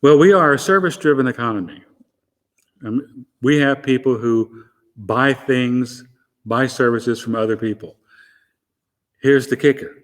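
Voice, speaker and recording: Measured man with a faint Southern accent. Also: medium pitch, big-room sound. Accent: softened Southern US. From Arkansas. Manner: measured, explanatory, dry wit. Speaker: guest. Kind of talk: interview answers.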